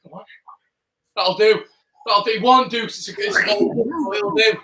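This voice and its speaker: A man's voice: high voice, normal speed, a crowd in the background. A man co-hosting a football watchalong, anxiously urging the team on. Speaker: watchalong co-host. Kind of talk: excited football watchalong chat. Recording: echoey room with faint noise.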